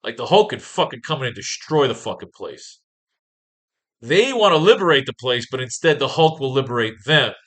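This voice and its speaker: A man speaks at normal speed in a mid-range voice with lively intonation and a fairly bright tone. Teaching a writing class, he casually plans comic pages, reads panels aloud, and swears a lot.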